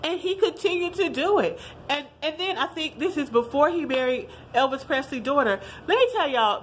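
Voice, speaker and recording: A woman, talking to her viewers in a fiery, profane vlog rant. Her voice sits a little high, and her delivery is animated and blunt. A faint hiss runs under the recording. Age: 30s. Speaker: vlogger. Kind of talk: casual opinion vlog.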